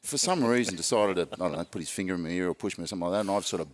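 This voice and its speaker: A man's voice: low-pitched, very fast. A middle-aged Australian man, a guest on a chat show, telling a rambling dressing-room anecdote in a dry way. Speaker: podcast guest, former cricketer. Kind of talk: casual chat, storytelling.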